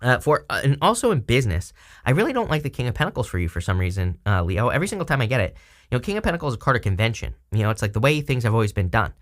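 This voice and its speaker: A man's voice: mid-range voice, big pitch swings, very fast. A man giving a casual tarot reading, rambling and chatty with lots of fillers. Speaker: tarot reader.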